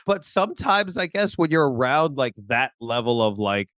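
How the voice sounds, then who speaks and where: A man's voice: medium pitch, normal speed, no room sound, clean studio sound. A man co-hosting a podcast in casual chat, acting out lines from the show as he talks. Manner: animated, acts out quotes from the show. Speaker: podcast co-host.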